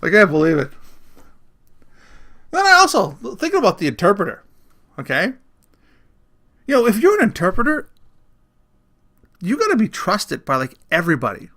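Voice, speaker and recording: High-voiced man ranting profanely on a podcast. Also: wildly swooping pitch, normal speed, long pauses, pushed and bright. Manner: profane, blunt, laughs at his own jokes. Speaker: podcast host. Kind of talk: solo comedic rant podcast.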